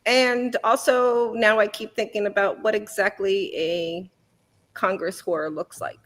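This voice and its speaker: A woman's voice: medium pitch, steady tone, a little slow, noisy background. A woman answering game show questions over a video call, wry with jokey asides. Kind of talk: casual answers.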